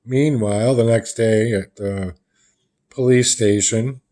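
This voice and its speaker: Brief: male comic reviewer, low pitch, rambling casual recap. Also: slow, dark tone. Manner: loose, rambling retelling of comic panels.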